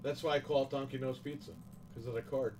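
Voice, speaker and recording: A man's voice: mid-range voice, fairly even intonation, fast talker, darkish tone, distant mic, slight background noise, low-quality recording. Profane ranting New man. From New York, USA. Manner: profane, ranting, emphatic complaints. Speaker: livestream host. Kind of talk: casual livestream chat.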